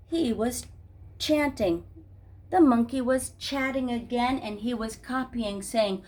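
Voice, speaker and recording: This preschool phonics teacher's voice sits on the high side, slow and a little mellow. In her classroom, she tells little stories to young children and gives each letter its own playful sound and voice.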